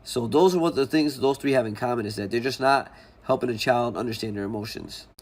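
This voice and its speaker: A man's voice: medium pitch, fairly quick. A man casually explaining a parenting book in a conversational way, often restarting and acting out example quotes. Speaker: educational channel host.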